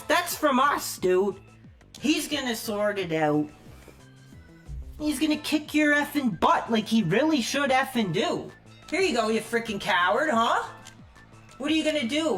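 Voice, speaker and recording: Woman streamer, higher voice, venting in an angry, swear-filled rant at home. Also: a bit bright. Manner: furious, swears constantly, stumbles over words. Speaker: livestreamer.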